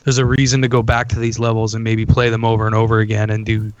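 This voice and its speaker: A man's voice: lowish voice, completely flat delivery, fast talker, clear, resonant tone, dry recording, highs cut off. A man co-hosting a podcast in easygoing casual chat, often checking in with "you know what I mean". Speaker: podcast co-host. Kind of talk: casual chat about video games.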